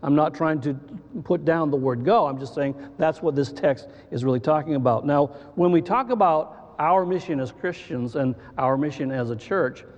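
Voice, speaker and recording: Male pastor preaching in a reverberant hall. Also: on the high side. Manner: halting, with many fillers and restarts. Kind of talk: sermon. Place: church sanctuary. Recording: muffled church hall with long reverb.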